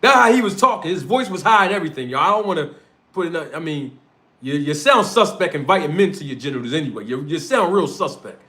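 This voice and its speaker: A man's voice: on the high side, animated, quick pace, bright, forceful tone. A man with a North Philadelphia accent, hosting a livestream and ranting confrontationally in street slang. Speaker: streamer and show host. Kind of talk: heated livestream rant.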